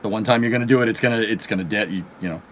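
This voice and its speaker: A man's voice: on the low side, rapid-fire, slight background noise. A man with a Boston accent co-hosting a livestream, teasing his co-host in casual banter. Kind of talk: casual live commentary.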